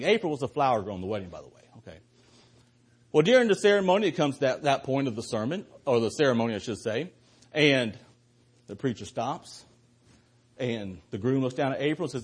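A man's voice: a little high, lively intonation, brisk, breathy edge. A man preaching a sermon to a church congregation as a visiting speaker, earnest and building to fervent emphasis.

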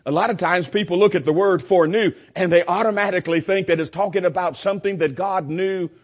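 A man's voice: sits high, steady tone, fast. Emphatic man teaching the Bible. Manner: emphatic, repeats key points. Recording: dull lo-fi recording.

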